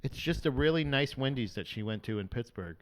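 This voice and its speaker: A man's voice: medium pitch, lively intonation, fairly quick. A man co-hosting a music podcast, rambling through stories in casual chat and acting out what other people said. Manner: rambling, acts out quoted people in mock voices. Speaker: podcast co-host.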